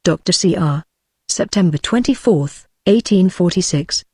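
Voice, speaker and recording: A woman's voice: lowish voice, lively intonation, a little slow, darkish tone, breathy edge, no room sound, clean studio sound. Synthetic British woman reading a novel. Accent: British English. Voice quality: synthetic, evenly paced. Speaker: audiobook narrator. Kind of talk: text-to-speech book reading.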